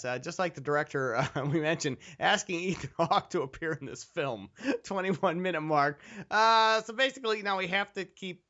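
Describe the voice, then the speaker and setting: Bright, lively podcast co-host. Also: medium pitch, brisk, lo-fi sound. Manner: animated, rambling and self-mocking. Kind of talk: casual film-review banter.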